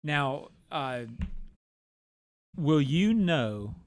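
A man co-hosting a sports show who gives analysis and asks questions in a halting way, with many restarts. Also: fairly high pitch, big pitch swings, dry recording. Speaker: show co-host.

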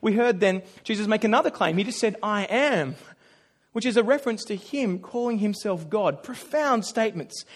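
A man preaching a sermon as a pastor, telling stories with self-deprecating humor and acting out little voices. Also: high voice.

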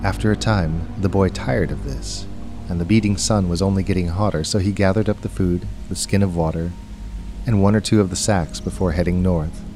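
A man reading a story aloud as narrator, in a measured, unhurried storytelling manner. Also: deep voice, fairly even intonation, over music. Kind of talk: scripted audiobook narration.

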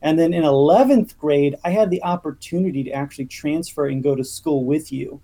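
A young man talking casually as a podcast guest, telling animated stories with many restarts. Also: a little high, brisk. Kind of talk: casual chat.

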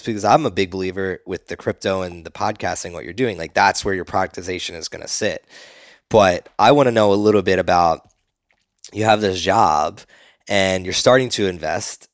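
A man hosting a casual podcast interview. He has a very low, deep voice and fires off questions and wisecracks. The sound is dry and close. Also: a bit bright, dry recording. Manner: jokey, quick questions. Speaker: podcast host.

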